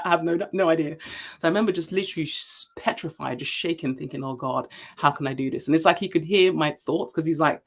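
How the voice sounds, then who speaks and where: Interview guest: a woman in her forties from Nigeria, leadership speaker, emphatic storyteller with a low voice. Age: 40s. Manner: emphatic, animated storytelling with many fillers.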